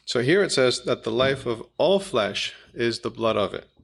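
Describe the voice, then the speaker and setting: Gravelly-voiced man teaching Bible study. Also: mid-range voice, expressive, normal speed. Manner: methodical, reads scripture aloud in King James wording.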